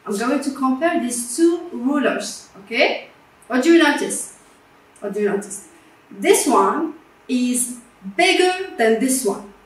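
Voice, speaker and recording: A woman teaching a grammar lesson in English, slow and patient, repeating words and checking with her students. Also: high-pitched, lively intonation. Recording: echoey room from a distance.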